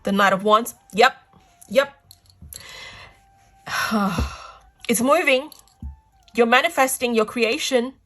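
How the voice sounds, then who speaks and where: A woman's voice: on the high side, slow, long pauses. Gushing, tearful tarot reader woman. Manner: gushing, emotional and effusive. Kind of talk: pick-a-card tarot reading.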